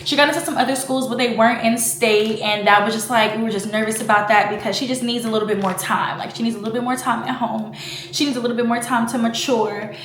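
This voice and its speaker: A woman's voice: a little high, fairly even intonation, fast, fairly bright tone. Emotional young woman vlogging in echoey room. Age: 20s. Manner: emotional, fighting back tears; chatty, full of fillers like "like" and "you know". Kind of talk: casual personal vlog talk.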